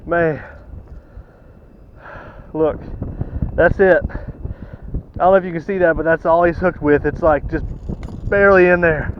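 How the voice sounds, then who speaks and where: A man fishing from a kayak outdoors, talking to the camera with excited, repeated exclamations and out of breath. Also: on the high side, normal speed, long pauses, a little hiss or hum. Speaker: kayak angler. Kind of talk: excited on-the-water fishing commentary. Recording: dull lo-fi camera audio.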